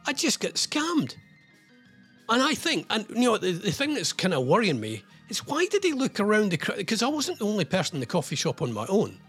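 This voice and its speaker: A man's voice: high voice, wildly swooping pitch, fast talker, hardly any pauses, fairly bright tone, husky, faint music behind. An older man hosting a radio show, telling a rambling, self-mocking story in casual chat.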